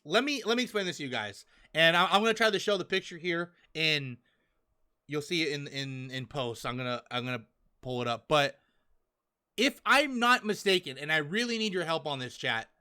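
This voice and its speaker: A young man hosting a podcast, chatting casually and excitedly as he talks through a manga chapter, often acting out characters' lines. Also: a little high. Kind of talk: casual chat.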